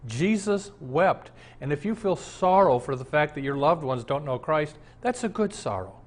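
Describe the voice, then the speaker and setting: An older man preaching a sermon with a slightly raised pitch. He talks in an earnest, conversational way, throwing rhetorical questions at his congregation. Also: animated, moderate pace. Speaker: pastor.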